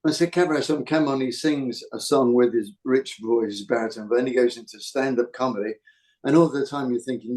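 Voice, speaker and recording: A man's voice: mid-range voice, a little fast, a little mellow. A man from the UK hosting a podcast, chatting casually and rambling with frequent restarts. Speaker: podcast host. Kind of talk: casual chat.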